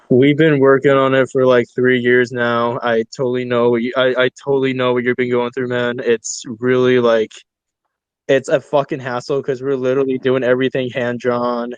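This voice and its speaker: A man's voice: mid-range voice, normal speed, smooth, dry recording, highs cut off. A man telling a long story in a casual online voice chat, rambling and swearing as he talks. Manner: rambling, heavy swearing, animated retelling. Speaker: audio chat participant.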